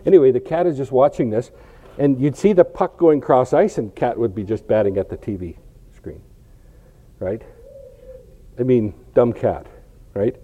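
A man's voice: medium pitch, moderate pace, long pauses, mellow. A man preaching a sermon in a conversational, storytelling way, often checking in with "right?". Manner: conversational, illustrative storytelling with rhetorical questions. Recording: dull lo-fi recording.

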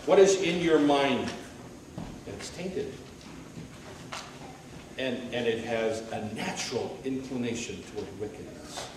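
A man preaching a sermon, swinging between loud rhetorical questions and low, quiet asides. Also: expressive, measured pace, long pauses. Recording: very echoey hall, mic at a distance, faint hiss.

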